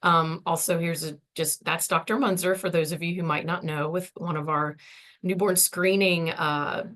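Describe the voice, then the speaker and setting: A woman's voice: fairly low pitch, steady tone, normal speed, fairly bright tone. A woman in her forties, losing her voice, giving a friendly, chatty conference presentation over a video call. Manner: friendly, chatty, many ums.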